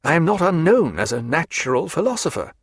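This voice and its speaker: A man's voice: fairly high pitch, big pitch swings, fairly quick, breathy edge, no room sound, voice pushed up, exaggerated voice. A man doing a composed, precise naval doctor. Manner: dry, precise, formal.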